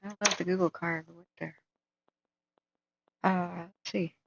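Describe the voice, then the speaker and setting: A woman's voice: on the low side, steady tone, moderate pace, gravelly, very noisy. A woman hosting a live stream, chatting casually and thinking aloud as she tells a story. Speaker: livestream host. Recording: dull, dry lo-fi sound.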